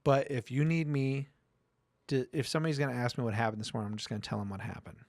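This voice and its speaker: A man's voice: mid-range voice, steady tone, fast, dry recording, studio quality. A middle-aged man co-hosting a casual podcast, talking bluntly and emphatically and swearing freely. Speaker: podcast co-host. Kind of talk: casual profane chat.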